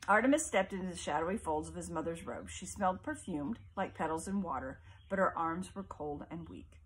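A woman reading a novel aloud as audiobook narration in a measured, expressive way. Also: fairly low pitch, a little hiss or hum. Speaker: audiobook reader.

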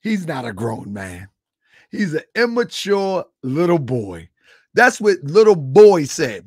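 A man's voice: on the high side, very animated, slow pace, breathy edge, dry recording, clean studio sound. A man giving a mocking reaction commentary, laughing often and lecturing in a taunting, preachy way. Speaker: online commentator.

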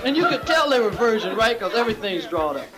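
A man's voice: sits high, big pitch swings, quick pace, a loud crowd, heavy background noise. A man doing a stand-up comedy routine, loose and profane, slipping into character voices.

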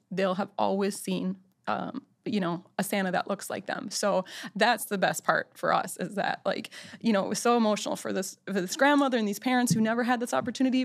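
A woman's voice: medium pitch, vocal fry. A woman who co-owns a photo studio, telling a heartfelt story in a casual interview. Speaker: business co-owner.

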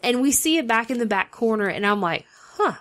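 Excitable young woman telling stories. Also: on the high side, quick pace. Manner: excitable, animated storyteller. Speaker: podcast co-host. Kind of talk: casual chat.

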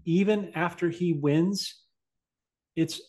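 A man's voice: a little high, slow pace, darkish tone. A man hosting a casual chat in an easygoing way, laying out his predictions with confidence. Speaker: host.

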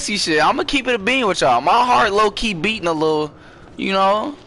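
A young man giving profane, excitable horror gameplay commentary, jumping into screams and then downplaying it. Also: high-pitched, fairly quick. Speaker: gaming streamer.

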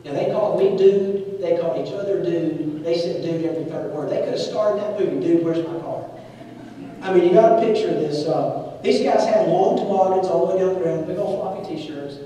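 A man's voice: fairly high pitch, a little fast. A man in his forties preaching a sermon and telling a story, acting out the voices of the people in it. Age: 40s. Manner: animated, acts out voices in his stories. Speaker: pastor. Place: church sanctuary. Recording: echoey church hall, mic at a distance.

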